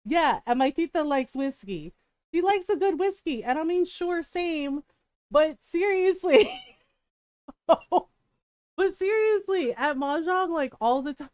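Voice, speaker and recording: A woman's voice: very high-pitched, expressive, takes it slowly, darkish tone, dry recording. A woman streamer telling a long family story to her live chat, chatty and laughing often.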